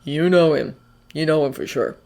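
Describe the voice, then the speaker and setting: A fanfiction reader voicing a grave male vigilante who speaks low and quietly. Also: normal speed, creaky, close to an everyday voice. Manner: low, subdued, muttering. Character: grim male vigilante bearing bad news.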